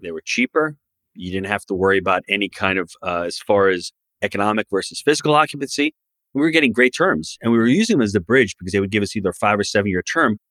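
Give me a low-voiced man in a dry studio sound, confidently pitching his investing approach as a podcast guest. He speaks with emphatic, salesy conviction. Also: animated, fast talker, a bit bright, no echo. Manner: emphatic, promotional advice-giving. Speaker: real estate investor guest. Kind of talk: podcast interview.

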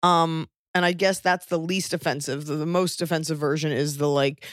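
A woman's voice: low voice, moderate pace, no room sound, studio quality. A pregnant woman co-hosting a podcast, chatting casually and telling blunt, joking stories. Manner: blunt, joking, animated storytelling. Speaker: podcast co-host. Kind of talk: casual chat.

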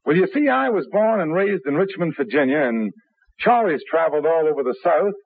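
An actor playing an eager, persuasive young radio performer in a 1950s radio drama. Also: male voice, on the high side, lively intonation, brisk, husky. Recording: tinny old radio broadcast.

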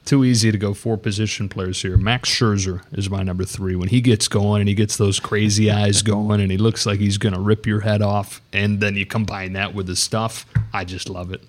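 Low-voiced man hosting sports chat. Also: level tone, normal speed, hardly any pauses.

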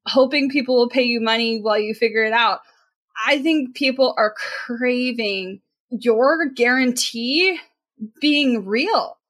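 A woman co-hosting a casual podcast chat. Her voice sits a little high, and she talks earnestly and with emphasis. She drops in plenty of filler words as she makes her point. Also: measured pace, fairly bright tone. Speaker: podcast co-host.

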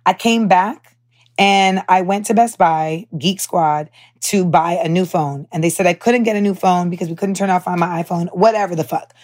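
A young American woman hosting a podcast, telling stories casually with heated, animated asides and swearing. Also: on the low side. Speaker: podcast host. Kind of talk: casual storytelling monologue.

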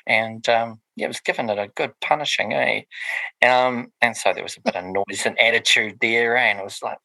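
A man's voice: lowish voice, steady tone, normal speed, vocal fry, bright, forceful tone, dry recording, low-quality recording. A man, co-hosting a casual podcast and reviewing music, rambling with lots of ums and restarts. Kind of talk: casual chat.

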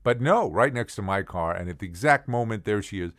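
A middle-aged man with a low voice tells a personal tale, swinging his pitch widely as he goes. He talks casually and chattily, turning to the listener with asides and acting out the people in his story. The sound is dry and close, with no room around it. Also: brisk, no room sound. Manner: animated, acts out the other people's voices. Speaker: podcast storyteller.

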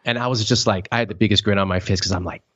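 A man hosting a podcast, telling stories in a casual, animated way and acting out quoted voices with big swings. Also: on the low side, rapid-fire, dull audio. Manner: animated storyteller, acts out quotes in exaggerated voices. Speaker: podcast host.

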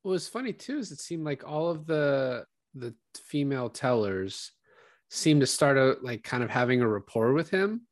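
A man's voice: medium pitch, moderate pace, no echo, clean studio sound. Casual man chatting about a film. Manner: animated retelling, acts out quotes.

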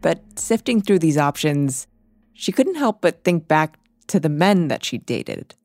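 A woman hosting a podcast, narrating in a measured way and asking casual questions. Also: low-pitched, very animated, vocal fry, a little mellow, no room sound. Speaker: host and narrator.

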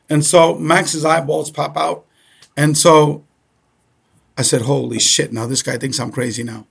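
Middle-aged Cuban-born man, gravelly and husky, chatty storyteller who keeps asking "okay?". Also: fairly high pitch, a little slow. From Cuba. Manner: repeats "okay?" often, animated storyteller. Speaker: guest. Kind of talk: casual storytelling.

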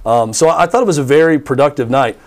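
A man's voice: medium pitch, fast talker. Chatty male sports radio co-host. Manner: animated storyteller, frequent fillers and restarts. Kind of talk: casual sports talk radio chat.

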